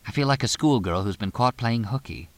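A man voicing a composed, weary woman in an audiobook, lifting his voice higher for her. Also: expressive, brisk, no room sound, lightly acted. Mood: subdued. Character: weary middle-aged woman, composed and guarded.

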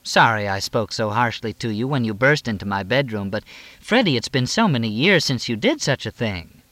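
A man's voice: medium pitch, lively intonation, normal speed, fairly bright tone, no room sound, natural voice. Man doing a gushing older Southern belle actress.

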